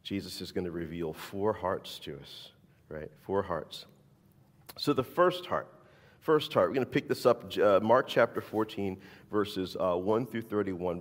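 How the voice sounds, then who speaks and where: A man preaching a sermon and reading scripture, animated, often asking "right?" and repeating words. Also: deep voice, normal speed. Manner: animated, rising to near-shouts for emphasis. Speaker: pastor. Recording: long hall reverb.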